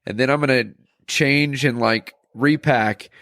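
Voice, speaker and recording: A man's voice: medium pitch, steady tone, measured pace, a bit bright, dry recording, studio quality. Laid-back, chatty male podcast host. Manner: easygoing, chatty, laughs often. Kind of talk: casual chat.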